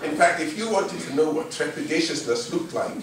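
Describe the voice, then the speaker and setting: Echoey, lively male storyteller. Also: fairly high pitch, brisk, very noisy. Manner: lively, humorous, playful. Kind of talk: live folk-tale telling. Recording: distant mic in a very echoey room.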